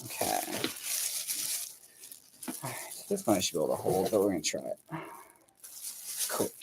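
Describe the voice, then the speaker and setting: A man's voice: low-pitched, big pitch swings, moderate pace, vocal fry, noisy background. Chatty, foul-mouthed man crafting live. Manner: chatty, profane and laughing often; rambling, searches memory aloud. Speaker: livestream host painting dolls. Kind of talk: casual chat with viewers while crafting.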